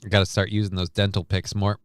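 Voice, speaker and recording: This livestream host talks at a quick pace in a fairly low, level voice. He's tired and short of breath, rambling casually, cutting himself off, and reading viewers' chat out loud. The recording is dry.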